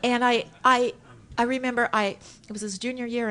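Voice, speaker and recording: A woman giving a personal story share at a recovery meeting, animated and acting out her own thoughts as she tells it. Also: a little high, normal speed. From Southern California. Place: hotel conference room.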